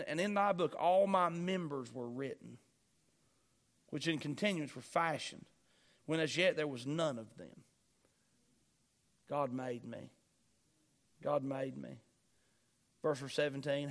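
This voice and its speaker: Male pastor, higher-pitched, preaches with insistent repetition. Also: fairly bright tone. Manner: preaching with rising emphasis, repeating key phrases. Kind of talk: sermon.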